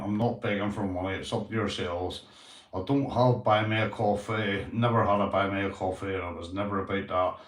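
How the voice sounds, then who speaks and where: A man with a Northern Irish accent chatting casually on a livestream, swearing freely and calling everyone mate. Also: fairly low pitch. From Northern Ireland. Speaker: YouTube livestreamer. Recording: roomy echoey room sound.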